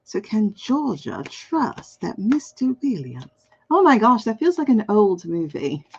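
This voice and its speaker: Doing a live tarot reading, this chatty woman jokes around, laughs a lot, and addresses people in chat by name. Her medium-pitched voice is gravelly with a breathy edge and a somewhat slow delivery, heard through slightly dull lo-fi stream audio.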